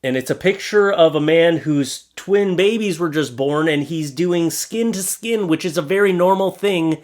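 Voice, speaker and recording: A man's voice: on the high side, normal speed, a little mellow. Sarcastic exasperated man reacting to posts. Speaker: commentary host. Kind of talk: reaction commentary.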